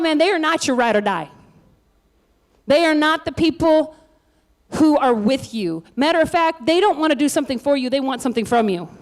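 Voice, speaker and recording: Woman, pastor, high voice, lively sermon, chatty, joking asides.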